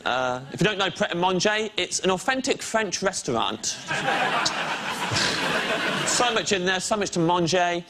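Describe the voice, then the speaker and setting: A man doing deadpan stand-up comedy on a TV panel show, with a wry delivery. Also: high-pitched, measured pace, long pauses, background noise. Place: TV studio with live audience. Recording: loud studio audience laughter.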